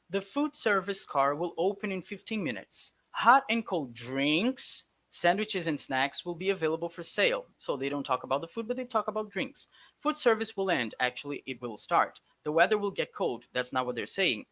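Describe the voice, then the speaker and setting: Male english teacher, animated, bright tone, emphatic, coaxing. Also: fairly high pitch. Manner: lively, emphatic, coaxing students along. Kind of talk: explaining test answers to a class.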